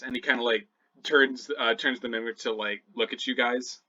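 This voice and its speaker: A man running a tabletop game, describing scenes in a loose, rambling way full of "uh" and "like". His voice is bright and forceful, at a middle pitch. The mic sounds a little dull and lo-fi. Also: steady tone, normal speed, husky. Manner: loose, filler-heavy descriptive narration. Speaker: game master.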